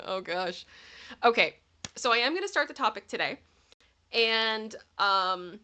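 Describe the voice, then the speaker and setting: Woman, livestream host, bright tone, chatty and thankful, casual delivery. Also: a little high, a little slow, pauses often. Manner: chatty, thanks viewers by name, gets giggly.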